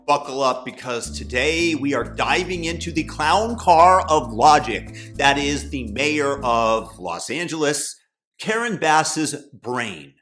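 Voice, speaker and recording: A man's voice: a little high, lively intonation, takes it slowly, a bit bright, soft background music. A man from Boston hosting a political commentary, talking in a mocking, sneering and theatrical way.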